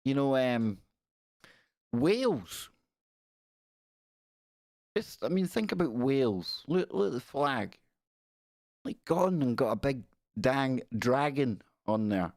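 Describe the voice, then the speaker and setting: A man's voice: mid-range voice, slow, pauses often, no echo, studio quality. A man from the United Kingdom hosting a live-stream show in a casual, jokey way, reading out viewer comments as he goes. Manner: animated, chatty, jokey, reads out viewer comments. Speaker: podcast host.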